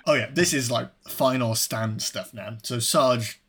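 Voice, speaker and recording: A man's voice: mid-range voice, unhurried, a bit bright, breathy edge. A man from Wales chatting casually about a film as podcast co-host, laid-back and swearing freely with frequent laughter.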